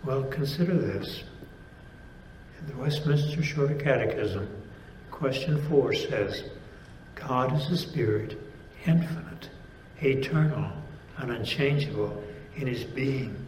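A man preaching a sermon, speaking deliberately with pauses and emphatic stresses. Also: mid-range voice, a little mellow, reverberant, slight background noise, poor audio.

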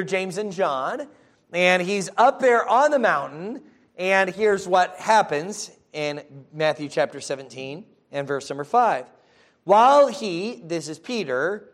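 A man preaching a sermon, reading scripture slowly and with emphasis, and often checking in with his listeners by asking "folks?" and "yes?". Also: high-pitched.

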